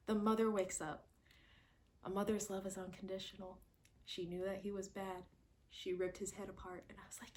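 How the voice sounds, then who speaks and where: A woman reviewing a horror movie in a casual, animated chat, often acting out scenes. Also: medium pitch, normal speed. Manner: animated and expressive, acts out scenes in quoted voices.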